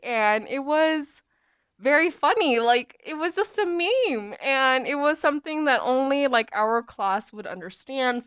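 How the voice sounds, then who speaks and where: A woman's voice: a little high, a bit bright, smooth, no echo. Young woman, podcast host, casual rambling storyteller, dry close sound. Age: young adult. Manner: rambling, chatty, lots of fillers.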